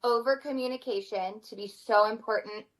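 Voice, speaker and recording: A woman in her thirties, a mother of four, speaking as a podcast guest in an earnest, animated way. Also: a little high, moderate pace, rough recording. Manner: earnest, animated, acts out her kids' voices. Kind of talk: conversational interview.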